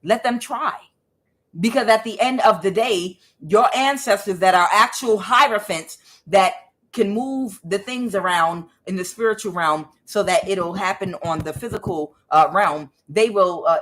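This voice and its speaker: A woman's voice: medium pitch, measured pace, a bit bright. A woman tarot reader giving a casual, emphatic spiritual reading, preachy and blunt, with some swearing.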